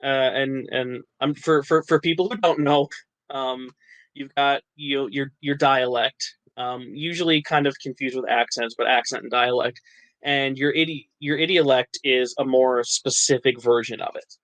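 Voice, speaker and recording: A man's voice: medium pitch, fairly even intonation, normal speed, a bit bright, no room sound, rough recording. Chatty self-deprecating man, dry close sound. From New Jersey. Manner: chatty, self-deprecating, laughs often, frequent restarts. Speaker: interview guest, actor and writer. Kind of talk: casual interview chat.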